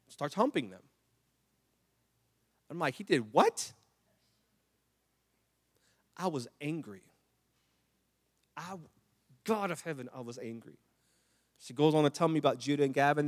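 A middle-aged man preaching a sermon, telling stories with repeated restarts and building to loud, impassioned climaxes. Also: mid-range voice, in a large hall. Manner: storytelling with repetitions and restarts. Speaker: pastor.

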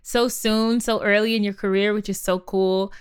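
A woman who is a stage performer, telling stories in a relaxed chat and laughing easily. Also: medium pitch, normal speed, clear, resonant tone. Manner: laughs easily, expressive storytelling. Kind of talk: casual conversational storytelling.

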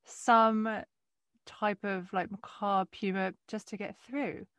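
A woman interviewing a guest, asking questions and backing him up as an unhurried, supportive listener. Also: mid-range voice, fairly even intonation. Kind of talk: conversational interview.

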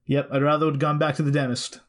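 Animated man in casual movie chat. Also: on the high side, fast. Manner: animated, exclaims and groans in disgust.

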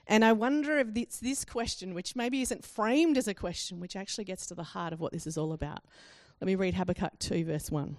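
A woman's voice: mid-range voice, brisk, few pauses, darkish tone, no room sound, studio quality. A woman preaching a sermon, acting out quoted questions with rising emphasis.

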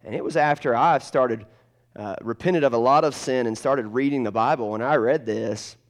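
Male pastor, animated sermon storyteller, middle pitch, loud-to-hushed swings. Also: normal speed.

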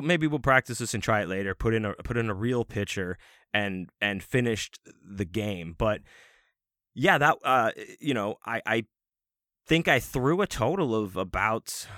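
Male host, casual profane storyteller, forceful tone, dry close sound. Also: mid-range voice, no room sound. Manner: rambling, profane, self-mocking. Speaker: podcast host.

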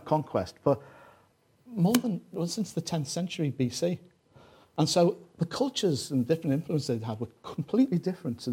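A man's voice: mid-range voice, warm tone, breathy edge. A man from Liverpool with a Scouse accent, preaching a sermon in a joking, conversational way full of asides. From Liverpool, England. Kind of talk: sermon with jokes.

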